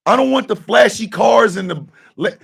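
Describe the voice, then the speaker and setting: A man's voice: high voice, normal speed, vocal fry, fairly bright tone, slightly rough, far from the mic. A middle-aged man hosting a radio talk show, giving a blunt, profane personal monologue and repeating his key lines for emphasis.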